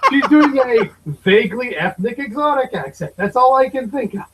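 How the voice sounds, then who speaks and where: Extremely high-pitched and lively in intonation, a man in his thirties co-hosts a podcast at normal speed, swearing casually as he gives exasperated, opinionated takes on movies. Heavy background noise fills the clip.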